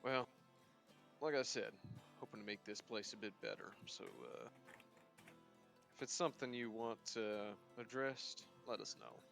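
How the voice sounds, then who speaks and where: A man voicing a calm, kindly priest in a tabletop game who speaks gently with pauses and fillers. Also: lowish voice, creaky, soft background music, full character voice. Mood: gentle.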